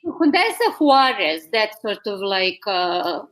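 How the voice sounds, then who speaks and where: A woman's voice: medium pitch, big pitch swings, a little slow, a bit bright. A woman from Serbia with a Serbian accent, a podcast guest chatting casually and bluntly, laughing often and saying "like" a lot. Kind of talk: casual chat. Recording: call from her vacation spot, remote audio.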